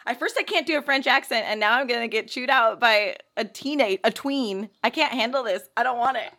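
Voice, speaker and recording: A woman in her thirties chatting casually as a podcast co-host. Her voice is bright and a little high. She talks in giggly, self-deprecating bursts of banter. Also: brisk. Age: 30s. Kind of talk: casual chat.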